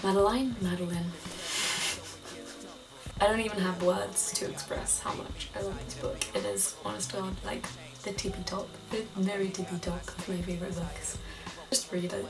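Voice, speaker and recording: A young woman casually recommending her favourite books, excitable and gushing, swearing freely. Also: mid-range voice, moderate pace, creaky. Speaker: book vlogger. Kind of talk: casual book recommendation vlog. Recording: distant mic with music behind.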